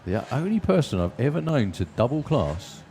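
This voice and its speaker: A man's voice: medium pitch, big pitch swings, moderate pace, mellow, slight background noise. A man commentating live at a drag race from the track's tower, chatty and joking with his co-hosts.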